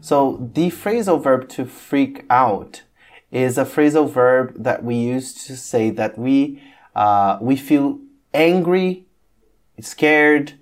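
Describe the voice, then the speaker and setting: An English teacher hosts a casual lesson, explaining patiently, checking in with "okay?" and pausing on many ums. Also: medium pitch. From Brazil. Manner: patient, repeats "okay?" often.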